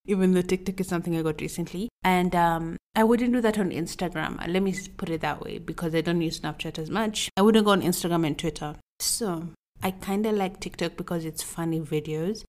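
Rambling young woman podcast host, low-pitched. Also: a little fast, a little mellow. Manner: rambling, chatty, often rephrasing herself. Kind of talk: casual solo podcast chat. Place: indoors at a relative's house.

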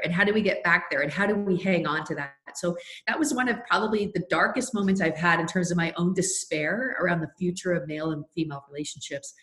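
A woman's voice: lowish voice, a bit bright. A middle-aged woman telling heartfelt personal stories as a podcast guest, earnest and full of fillers. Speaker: guest, faith leader and anti-trafficking advocate. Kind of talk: podcast interview, storytelling. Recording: roomy echo.

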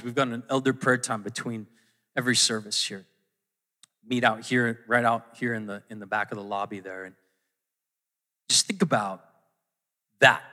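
A pastor with a medium-pitched, pushed and bright voice preaches a conversational sermon in a church auditorium. He often interrupts himself to restart sentences and acts out the quotes he shares.

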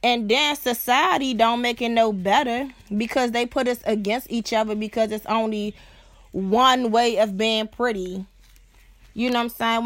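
A young woman with a high-leaning voice hosts a podcast in a dry recording, telling a personal story bluntly, casually and with profanity. She is animated, acts out other people's voices and keeps asking "you know what I'm saying" to check in with her listener.

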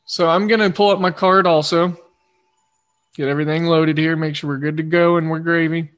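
A man with an Oklahoma twang hosting a sports betting podcast in a rambling, quick-fire casual monologue that often corrects itself. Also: fairly high pitch, steady tone, fairly bright tone.

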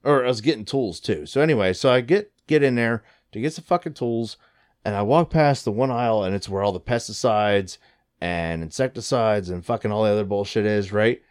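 A man in his thirties telling a story in casual chat, profane and excited, jumping into high voices when quoting people. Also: a little fast, clean tone.

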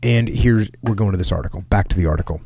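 A middle-aged man in a casual podcast talk, reading from an article and acting out quotes with lively jumps in pitch. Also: fast talker, no room sound. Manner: animated storyteller, acts out quotes in a raised pitch. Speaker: podcast host.

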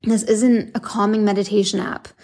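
A woman's voice: mid-range voice, level tone, moderate pace, a little mellow. A young woman hosting her own show, talking casually and earnestly with lots of fillers and restarts. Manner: chatty, earnest, filler-heavy with frequent likes and restarts. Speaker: podcast host and meditation app founder. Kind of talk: casual monologue.

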